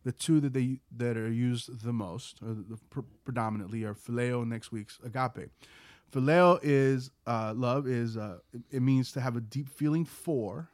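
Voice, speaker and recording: A man co-hosting a casual faith podcast, sniffly with a cold, explaining things haltingly with many restarts. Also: medium pitch, darkish tone, no room sound, studio quality. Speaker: podcast co-host.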